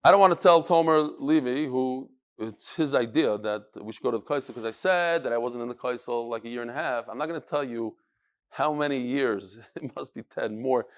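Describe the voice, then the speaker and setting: In a Daf Yomi Talmud class, a man with a medium-pitched voice speaks a little fast, using yeshivish English dotted with Hebrew and Yiddish terms. He animatedly dramatizes the dialogue in the text, raising his voice for the parts.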